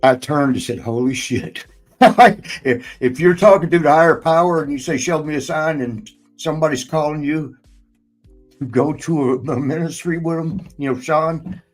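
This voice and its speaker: A man's voice: fairly high pitch, low-quality recording. A man hosting a casual chat, telling a long personal story in a rambling way, swearing often and laughing between lines. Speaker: podcast host and former wrestler.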